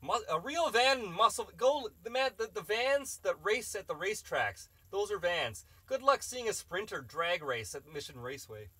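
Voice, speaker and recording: A man's voice: high voice, big pitch swings, moderate pace, hardly any pauses, sharp tone, husky, dry recording. A man hosting a live stream, reading chat questions and rambling through opinionated casual answers.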